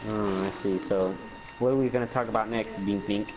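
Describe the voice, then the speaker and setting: Guy with a lowish voice rambling and joking, repeats himself a lot, music going behind. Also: steady tone, fairly quick, rough recording. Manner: rambling, jokey, repeats words, mock drawl. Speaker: co-host of a game review. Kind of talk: casual chat.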